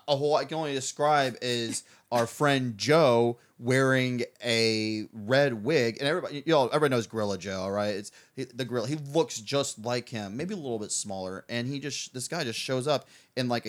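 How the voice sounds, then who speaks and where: A man's voice: mid-range voice, moderate pace, hardly any pauses. A man, a father, hosting a casual podcast chat and telling a rambling story. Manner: rambling storytelling with restarts and laughs. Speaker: podcast host.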